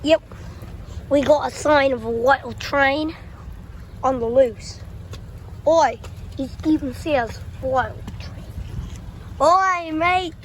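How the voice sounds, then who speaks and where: A woman putting on a loud, goofy mock-Australian voice for a playful train spotter, shouting "oi, mate" over and over, outdoors in the rain. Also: sits high, takes it slowly, long pauses. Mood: rowdy. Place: outdoors by a railway crossing in the rain. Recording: outdoors with heavy rain noise.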